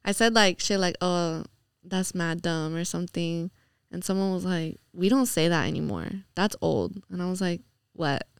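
A young woman from New chats as a guest, storytelling loosely with lots of "like" and casual swearing. Her voice is very smooth and clear. The sound is close and dry, with no room echo. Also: lowish voice, moderate pace. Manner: relaxed storytelling, heavy with "like" and swearing. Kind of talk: casual chat.

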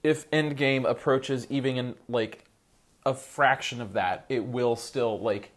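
Mid-pitched male co-host, casual and chatty, fond of filler "like" and quick gags. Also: steady tone. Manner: chatty, hedging with "like", quick jokes. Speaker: podcast co-host. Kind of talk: casual chat.

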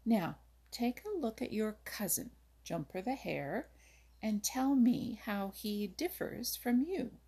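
A woman reading aloud voices Old Mother Nature, a wise, kindly but firm old woman who teaches the woodland animals patiently and can turn sharp. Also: fairly high pitch, lively intonation, takes it slowly, pitched above the performer's own voice, full character voice. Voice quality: husky, creaky. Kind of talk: storybook reading.

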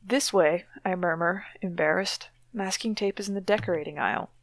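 A woman reads a novel aloud with dramatic flair, then drops into sardonic commentary. Her voice sits on the low side, and the recording is dry and close. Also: brisk, dry recording. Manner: wry, mocking asides. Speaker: podcast co-host reading a novel aloud.

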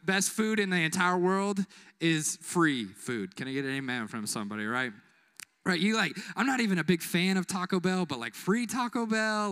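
A young man delivers an energetic youth sermon inside a church. His voice sits high and sounds bright. He keeps the crowd involved with jokes, quick put-on voices and repeated calls for an amen. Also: smooth. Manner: call-and-response, joking, acts out quick voices. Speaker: youth pastor. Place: church building.

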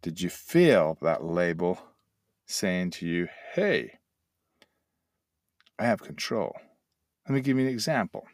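A man's voice: low-pitched, big pitch swings, slow pace, pauses often, no room sound, clean studio sound. An older man hosting a motivational talk, telling folksy stories and acting out little sound effects. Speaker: host and addiction mentor trainer.

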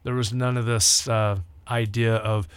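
Older man, pastor, animated storyteller, dry close sound. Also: a little slow, smooth, no room sound. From Southern California. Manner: animated, acts out quoted voices with rising pitch. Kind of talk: casual storytelling on a radio talk show.

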